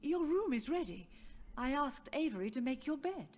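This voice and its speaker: A woman's voice: sits high, sing-song, moderate pace. Frail old mother, grieving. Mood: sorrowful. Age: older. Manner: soft, wandering, sorrowful. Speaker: game character. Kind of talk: video game dialogue.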